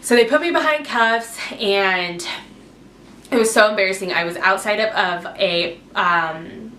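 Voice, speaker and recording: In an echoey room with a little hiss or hum, a vlogger in her twenties tells her camera a personal story. Her mid-range voice is unhurried, bright and forceful, and her casual story time rambles, packed with "like" and "um."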